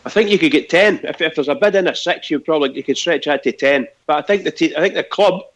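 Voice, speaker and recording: A man's voice: fairly high pitch, fast, highs cut off. A man on a radio phone-in weighing up a transfer bid, hesitant and restarting phrases. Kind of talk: casual phone-in chat.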